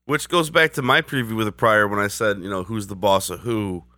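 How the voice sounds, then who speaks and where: Lower-voiced man speculating casually. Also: brisk, no echo, clean studio sound. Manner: relaxed, speculative, chatty. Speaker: podcast co-host. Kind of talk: casual episode discussion.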